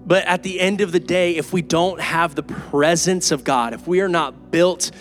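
A pastor preaching an earnest, emphatic and conversational sermon in a church. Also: male voice, fairly high pitch, fairly even intonation, normal speed, a bit bright, soft background music. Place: church sanctuary.

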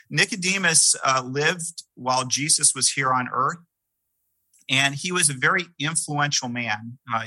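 A man's voice: medium pitch, pushed and bright, no echo, low-quality recording. A middle-aged man, a pastor, preaching a sermon in an earnest, conversational way with many fillers and restarts. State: sick with a mild cough.

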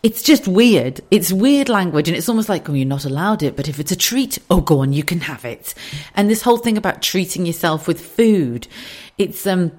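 Low-voiced chatty woman, sweary and candid. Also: moderate pace. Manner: chatty, swears freely, animated asides and laughs. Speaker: podcast host. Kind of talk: casual solo podcast chat. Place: home kitchen.

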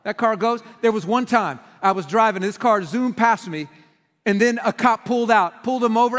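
Pastor, middle-aged man, chatty storytelling sermon with lively acted-out lines, higher voice, long church reverb. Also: moderate pace, slight background noise. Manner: conversational storytelling with animated quoted outbursts. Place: church sanctuary.

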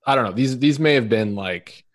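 A man co-hosting a podcast in casual chat, easygoing and quick to laugh, hedging his words. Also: mid-range voice. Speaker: podcast co-host.

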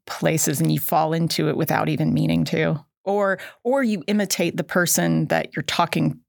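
A woman's voice: deep voice, fairly even intonation, moderate pace, gravelly, no echo, clean studio sound. A middle-aged woman co-hosting an educational podcast, chatty and self-deprecating, laughing at herself often. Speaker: podcast co-host. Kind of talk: casual educational podcast chat.

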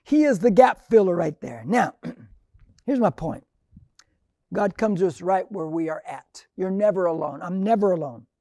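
A man's voice: high-pitched, lively intonation, moderate pace, mellow, dry recording, studio quality. A middle-aged man preaching a sermon, building emphasis through repeated phrases and rising calls. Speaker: pastor.

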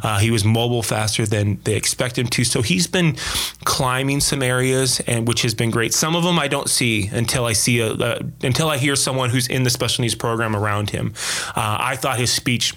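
A man's voice: mid-range voice, moderate pace, a bit bright. Man telling a story in conversation. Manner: storytelling, frequent restarts and quoted asides. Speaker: kids pastor. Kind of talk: casual conversation.

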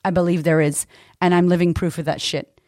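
A woman's voice: lowish voice, level tone, a little fast, darkish tone, no echo, clean studio sound. Fervent, swearing woman podcast host. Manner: emphatic, profane, repetitive. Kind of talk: motivational monologue.

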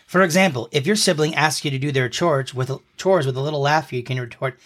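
A man's voice: on the high side, fast talker, a bit bright. A man in his thirties co-hosting a casual podcast, explaining slang in a playful mock-lesson way, close to the mic. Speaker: podcast co-host quizzing his partner.

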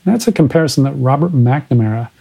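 A man's voice: mid-range voice, expressive, quick pace, creaky, mellow, husky, poor audio. A man hosting a podcast, analyzing films in a conversational way. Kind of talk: casual film discussion.

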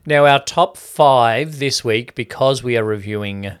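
A man's voice: medium pitch, a little slow, clean tone. A man co-hosting a casual film-review podcast, talking in a loose, joking way with plenty of swearing. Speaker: podcast co-host.

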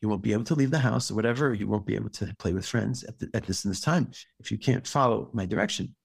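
A rabbi talking through parenting advice in a casual podcast chat, halting and restarting his words often. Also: fairly low pitch, gravelly, slightly rough, dry recording.

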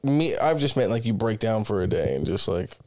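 A man's voice: lowish voice, sing-song, fairly quick, a little mellow. A man in a casual podcast chat, speaking bluntly and swearing freely. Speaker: podcast host.

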